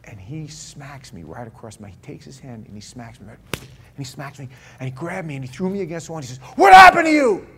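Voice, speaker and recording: A man's voice: mid-range voice, animated, fast talker, very noisy. A male pastor delivers a testimony from the pulpit, his voice in an ordinary mid range. He talks plainly and conversationally, often restarting his sentences. He sounds emotionally invested in the story. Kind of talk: sermon testimony. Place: church.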